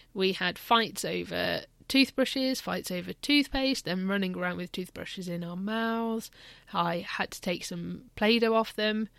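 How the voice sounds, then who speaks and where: Candid mother with a gravelly voice. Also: medium pitch, a bit bright, dry recording. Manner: candid, reflective storytelling. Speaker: parent. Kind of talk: personal parenting vlog.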